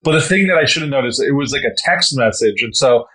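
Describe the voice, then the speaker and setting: A man's voice: medium pitch, lively intonation, quick pace, crowd noise. A young man co-hosting a podcast, telling stories in casual chat full of "like" and fillers. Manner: filler-heavy storytelling, lots of "like". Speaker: podcast co-host.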